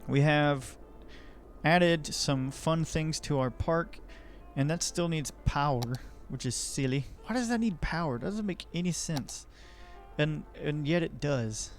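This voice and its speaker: A man's voice: a little high, unhurried, soft background music. A man giving rambling, jokey, self-deprecating commentary while playing a city-building game. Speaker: let's play host. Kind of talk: casual gameplay commentary.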